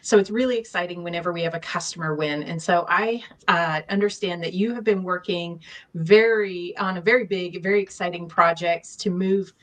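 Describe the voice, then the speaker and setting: A woman with a slightly low voice co-hosts a live business chat over a video call. She talks with enthusiasm and leans on fillers as she goes. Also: moderate pace. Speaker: co-host. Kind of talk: casual livestream chat.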